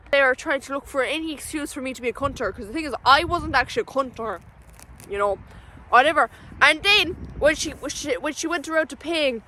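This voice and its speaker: A woman's voice: sits high, bright, forceful tone, slight background noise, rough recording. A young woman, ranting bluntly and swearing constantly in a casual vlog from a parked car. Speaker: vlogger.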